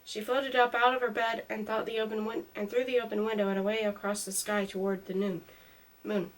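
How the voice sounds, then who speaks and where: A woman reading a storybook aloud in a calm, even way, her mic a little distant. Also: mid-range voice, fairly quick.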